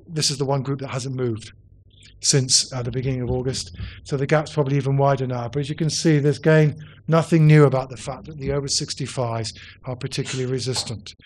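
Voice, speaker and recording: A man, a politics professor, lecturing on poll data in a hall, brisk and dryly witty with emphatic stresses and frequent ums. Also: medium pitch, darkish tone, a little hiss or hum.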